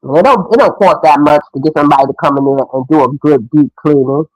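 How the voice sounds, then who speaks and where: A woman's voice: sits low, fast talker, a little mellow, dry recording, rough recording. A middle-aged woman giving frank, opinionated casual commentary as a mother.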